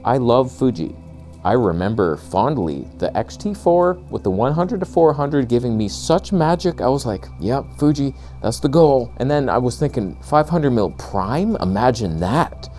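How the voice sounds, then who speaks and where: A man ranting sarcastically in a comedic vlog, outdoors on a lavalier mic, jumping between high mocking voices and low grumbles. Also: expressive, normal speed, warm tone, soft background music. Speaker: camera vlogger.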